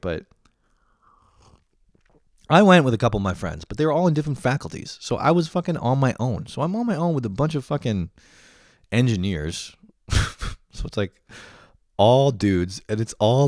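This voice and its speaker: A man's voice: lowish voice, dry recording, clean studio sound. A young man ranting comedically, swearing a lot and laughing often. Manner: profane, animated, laughs often. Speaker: host. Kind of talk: comedic monologue rant.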